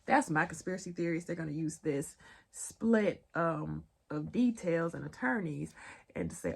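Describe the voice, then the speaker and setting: A woman's voice: sits low, expressive, moderate pace, vocal fry, slightly rough. A young adult woman with a Southern accent, chatting casually through a pop-culture news recap and talking straight to her viewers. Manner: chatty, laughing asides, addresses viewers as y'all. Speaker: vlogger.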